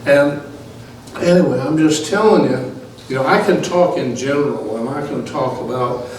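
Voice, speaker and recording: A man giving his testimony as a Bible study teacher, preaching casually with fillers and soft chuckles. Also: mid-range voice, moderate pace, a little hiss or hum. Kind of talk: testimony sermon. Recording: echoey room, mic set far off.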